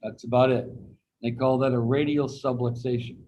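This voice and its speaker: A man's voice: mid-range voice, little pitch movement, normal speed, mellow, a little hiss or hum, rough recording. Folksy man lecturing over a video call. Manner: folksy storytelling, acts out quoted voices. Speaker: anatomy teacher. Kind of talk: casual classroom lecture with personal anecdote.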